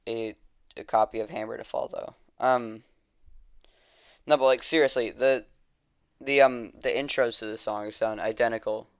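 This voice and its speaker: Chatty rambling man, smooth voice. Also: medium pitch, no room sound, studio quality. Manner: rambling, many ums and restarts, enthusiastic. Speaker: music vlogger ranking albums. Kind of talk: casual chatty review.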